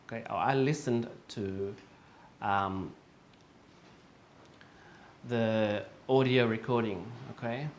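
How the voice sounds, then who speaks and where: A man's voice: lowish voice, fairly even intonation, slow pace, pauses often, slight background noise. A man teaching English pronunciation, patiently repeating each word for learners, with frequent fillers and self-corrections. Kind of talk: online pronunciation lesson.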